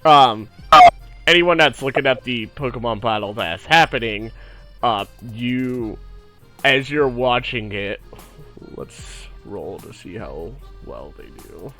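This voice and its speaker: A man's voice: mid-range voice, animated, slow pace, pushed and bright, soft background music. A man narrating a tabletop game as game master in a casual, laid-back way.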